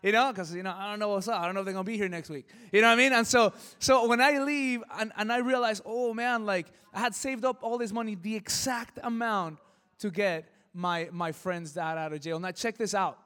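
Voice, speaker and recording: A pastor telling a personal story in a sermon, lively, acting out the voices in it. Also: male voice, high-pitched, a little fast, smooth, in a large hall. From Southern California. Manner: animated, acts out voices in his stories. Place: church hall.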